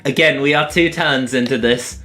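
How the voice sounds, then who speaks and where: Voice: medium pitch, moderate pace, a bit bright, faint music behind. A streamer casually chatting with viewers while playing a game, rambling and often breaking off mid-sentence. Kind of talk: casual live-stream chat.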